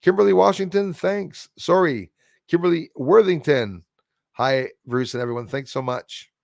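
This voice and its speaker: A man with a gravelly, creaky voice chats loosely on a live stream, greeting viewers one by one and reading their comments aloud. He is recorded close and dry, with no room sound around him. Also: fairly high pitch, lively intonation, moderate pace, a little mellow, no echo. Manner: rambling, greets viewers and reads chat aloud. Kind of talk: casual live stream chat.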